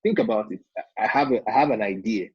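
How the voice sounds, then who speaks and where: Husky man coaching entrepreneurs. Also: on the low side, fast talker, dry recording. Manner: emphatic, repeats points, checks in with "all right?". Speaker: business funding coach. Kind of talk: seminar talk to entrepreneurs. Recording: dull lo-fi sound.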